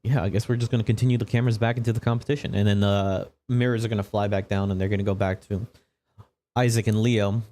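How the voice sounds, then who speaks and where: A man's voice: on the low side, steady tone, fast, dark tone. A man narrating as game master of a tabletop game, casual and profane with a rambling delivery.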